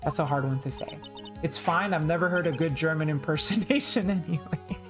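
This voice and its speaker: Chatty low-voiced woman streamer. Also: fairly quick, over music. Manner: chatty, self-deprecating. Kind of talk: casual chat while playing.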